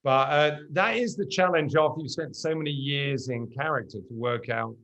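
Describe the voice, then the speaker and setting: A middle-aged man speaking as a guest in a relaxed conversation. His pitch sits mid-range for a man, and he tells stories with lively energy. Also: moderate pace. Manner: lively anecdotal storyteller. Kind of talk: casual conversation.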